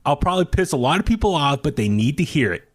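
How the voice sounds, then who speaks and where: A man's voice: a little high, very animated, fast talker. A man hosting a podcast in casual chat, rambling with many fillers and restarts as he reads quotes aloud. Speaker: podcast host.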